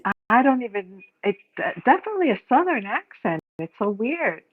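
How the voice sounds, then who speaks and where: A woman's voice: fairly high pitch, big pitch swings, brisk, no room sound. A woman calling in for casual chat, giggly and agreeable, with hesitant restarts. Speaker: caller. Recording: tinny, dry phone line.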